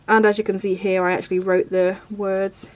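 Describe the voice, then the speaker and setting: A woman's voice: mid-range voice, flat delivery, fairly quick. Chatty woman flipping through her journal. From England. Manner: chatty, rambling, uses filler like "like" and "vibe". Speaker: vlogger. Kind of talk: casual journal flip-through.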